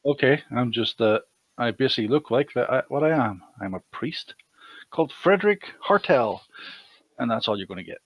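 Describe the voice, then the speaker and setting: Halting man player in casual chat. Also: medium pitch, expressive, no room sound, dull audio.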